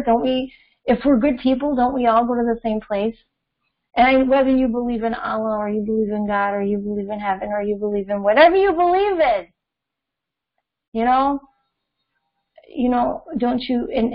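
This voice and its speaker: A young adult woman hosting an astrology channel, talking in a rambling, preachy way with many fillers. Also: a little high. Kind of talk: casual opinion monologue. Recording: dull lo-fi audio.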